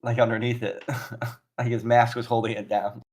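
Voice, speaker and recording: A man chatting as a player in a tabletop game, describing his character's actions with animated storytelling and laughing often. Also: medium pitch, normal speed. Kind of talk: casual tabletop game chat.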